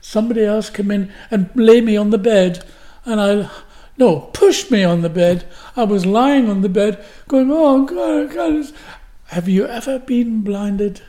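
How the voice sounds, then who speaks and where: A man's voice: high voice, a little slow, dark tone. Older Glasgow-born man telling stories. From Glasgow, Scotland. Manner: vivid storyteller who acts out the quotes. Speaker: guest actor. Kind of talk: anecdotal storytelling.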